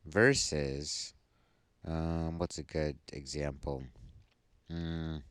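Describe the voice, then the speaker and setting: A man giving a tarot reading to his viewers, sleepy and yawning, explaining each card slowly and thoughtfully. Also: a bass voice, level tone, clean tone, no room sound, clean studio sound. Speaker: tarot reader.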